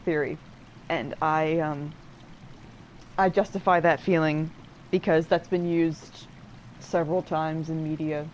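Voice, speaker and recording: A woman's voice: on the low side, darkish tone, slight background noise. A woman casually commenting on a game she plays, rambling with fillers and restarts while explaining the story. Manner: explains and interprets game dialogue aloud. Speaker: let's play streamer.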